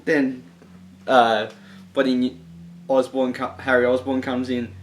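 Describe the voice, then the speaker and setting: A man's voice: mid-range voice, flat delivery, slow, slight background noise. A man casually ranking movie final battles, rambling enthusiastically with lots of fillers and restarts. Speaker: movie reviewer.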